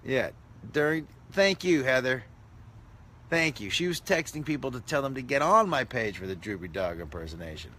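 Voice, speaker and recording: A man's voice: mid-range voice, expressive, moderate pace, fairly bright tone. A man, a comedian, chatting casually on a live stream, reading comments with self-mocking, mock-indignant jokes.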